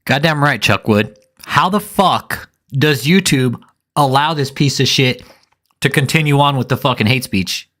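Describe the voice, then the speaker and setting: A man's voice: mid-range voice, unhurried, a bit bright. Angry, foul-mouthed commentator man. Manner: angry, profane ranting. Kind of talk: live reaction commentary.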